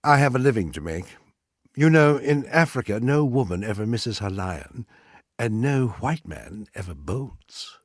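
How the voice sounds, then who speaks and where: A man's voice: mid-range voice, expressive, unhurried, dry recording, studio quality. A man voicing a blunt, clipped professional hunter. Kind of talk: audiobook character reading.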